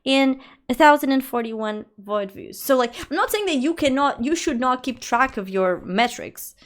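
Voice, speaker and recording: A young woman, not a native English speaker, chatting casually with her livestream chat, rambling and quick to laugh. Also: sits high, animated. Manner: talks straight to her chat. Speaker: streamer.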